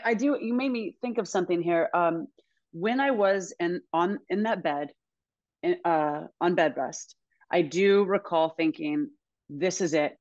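A woman in her thirties, a guest movement coach telling stories in casual interview chat, animated and quick to laugh. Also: lowish voice, lo-fi sound. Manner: animated storyteller, laughs often, acts out quotes.

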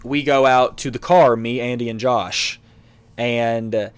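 A man's voice: medium pitch, steady tone, a little slow, clean tone. Rambling young man telling a story. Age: 20s. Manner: rambling, filler-heavy, laughs while telling stories. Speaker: podcast co-host. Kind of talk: casual storytelling chat.

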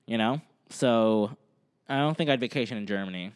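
Brief: young male podcast co-host, mid-pitched, jokey, reads lists aloud. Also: moderate pace, clear, resonant tone. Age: young adult. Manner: joking, laughs often, lists items off. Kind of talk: casual chat, reading quiz options aloud.

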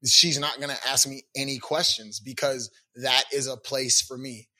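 A man's voice: medium pitch, normal speed. A man in his thirties co-hosting a casual podcast chat, telling stories and acting out other people's lines. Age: 30s. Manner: animated storyteller, acts out quotes in character. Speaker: podcast co-host.

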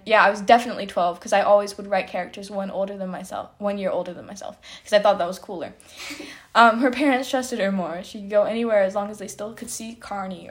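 A hoarse woman hosting a podcast, reading her old stories aloud with giggly, self-mocking asides. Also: mid-range voice. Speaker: podcast host.

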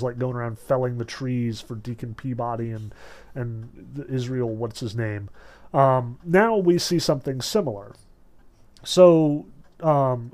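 A man's voice: mid-range voice, darkish tone. A man lecturing on literature in a conversational, analytical way, with many fillers. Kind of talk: recorded lecture.

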